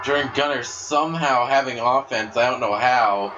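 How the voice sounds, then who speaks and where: A man giving play-by-play commentary on a wrestling video game, excitable and breaking into shouts at big moves. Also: medium pitch, normal speed, dull audio, over music. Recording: steady background noise.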